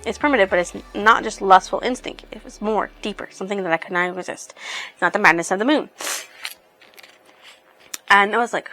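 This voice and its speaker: A woman's voice: mid-range voice, quick pace, sharp tone, faint music behind. A woman casually reviewing a book, retelling the plot in a rambling way. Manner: rambling, lots of "she's like".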